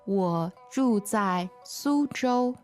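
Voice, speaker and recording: A woman teaching a language lesson, repeating phrases slowly and patiently. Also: mid-range voice, expressive, a little mellow, faint music behind.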